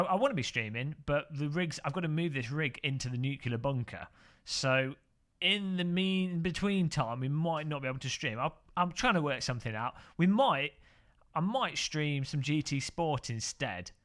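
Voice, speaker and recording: A man's voice: fairly high pitch, lively intonation, moderate pace, a bit bright. A man from England, chatting casually on a sim racing live stream, rambling and joking as he corrects himself.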